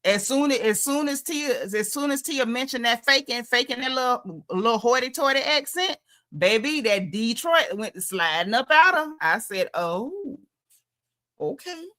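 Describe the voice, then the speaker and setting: Sassy Southern woman with a bright, forceful voice. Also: a little high, animated, normal speed. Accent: Southern American. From Southern United States. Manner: sassy, emphatic, colloquial. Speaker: show recap host. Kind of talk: casual livestream commentary.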